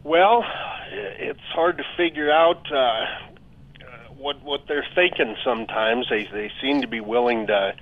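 Man calling in, hesitant, lots of "uh", mid-pitched voice, phone-line sound. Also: unhurried. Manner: hesitant, many fillers like uh and you know. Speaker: financial adviser guest. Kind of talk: talk radio phone-in chat.

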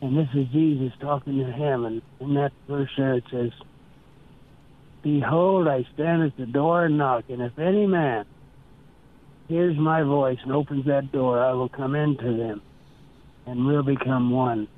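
A man's voice: mid-range voice, steady tone. Older man telling stories over a tinny line. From Nebraska. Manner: slow, earnest storytelling with quoted dialogue. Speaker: interview guest. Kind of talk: storytelling interview.

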